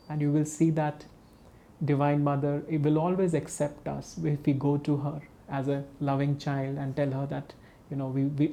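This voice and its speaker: Mellow man telling a spiritual story. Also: fairly high pitch, level tone, moderate pace. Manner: gentle storytelling with hesitations. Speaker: spiritual teacher. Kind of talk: webinar talk.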